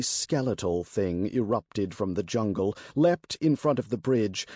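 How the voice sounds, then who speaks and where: A man reading fantasy narration for an audiobook in a slow, deliberate and expressive way. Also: medium pitch, no room sound. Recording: dry close studio recording.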